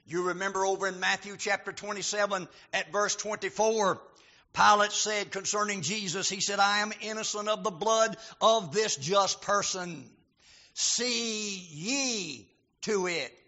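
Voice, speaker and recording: High-voiced emphatic male preacher. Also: fairly even intonation, moderate pace. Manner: emphatic, builds to shouting. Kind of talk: sermon. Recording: dull lo-fi recording.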